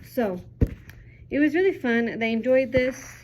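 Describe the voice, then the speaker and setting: A young woman talks through a children's book in a relaxed, upbeat way, often pausing on an um. Her voice sits a little high. A faint ambient hiss runs under it. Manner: chatty, upbeat, frequent ums. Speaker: teacher reviewing a children's book. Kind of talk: casual book review vlog.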